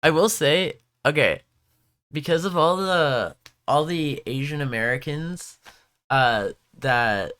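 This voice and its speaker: A man's voice: a little high, lively intonation, takes it slowly, a bit bright, smooth, no room sound. A young man streaming live, chatting casually and rambling through stories while answering questions from chat.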